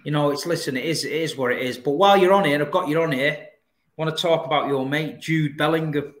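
A man's voice: a little high, fast talker, roomy sound. A man hosting a casual football chat, talking in a laid-back, blokey way. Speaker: football channel host.

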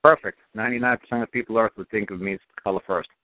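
A man's voice: fairly low pitch, fairly even intonation, fast. A man hosting a call-in radio show, talking bluntly and emphatically and repeating his points. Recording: dry, tinny phone-like audio.

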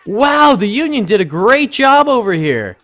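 A young man giving lively video game commentary, excitable, with loud exclamations and laughs. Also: sits high, measured pace. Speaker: gaming YouTuber.

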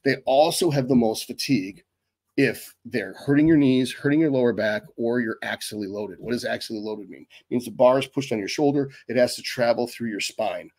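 A middle-aged man giving an unscripted fitness lecture as a bodybuilding coach, blunt and profane, talking quickly. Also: medium pitch, darkish tone.

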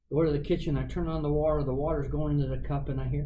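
An older man, a guest preacher, telling his testimony with animated storytelling and acting out the voices in it. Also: on the high side, a little fast, long pauses, distant mic, a little hiss or hum, rough recording.

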